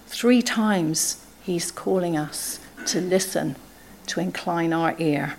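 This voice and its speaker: Low-voiced woman reading scripture. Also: fairly even intonation, darkish tone. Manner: slows and lifts her voice for scripture. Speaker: conference speaker. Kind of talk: devotional talk with scripture reading.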